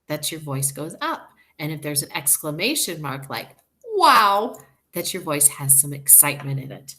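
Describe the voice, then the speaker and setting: A woman teacher leading a reading lesson for young children, talking slowly and clearly in an encouraging way. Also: sits low, lively intonation, fairly bright tone. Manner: slow, clear and encouraging, sounding out words.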